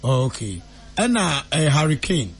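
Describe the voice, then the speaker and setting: High, lively Ghanaian man, creaky edge. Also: moderate pace, faint music behind. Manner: mock-solemn pronouncements mixed with loose joking. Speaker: comic self-styled seer. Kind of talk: comedic prophecy skit.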